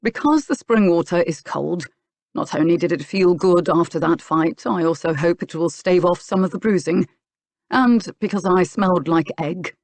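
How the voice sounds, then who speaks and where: A woman voicing a stubborn, gruff young male physician in an audiobook, speaking bluntly. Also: sits high, normal speed, dry recording. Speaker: village physician. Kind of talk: audiobook character dialogue.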